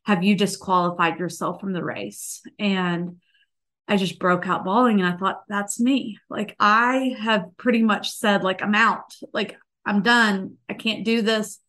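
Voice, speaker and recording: A woman's voice: mid-range voice, fairly even intonation, a little slow, a bit bright. A woman in her thirties, a podcast guest, telling a personal story in an earnest, tender way, with many "like" fillers. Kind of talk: heartfelt conversational storytelling.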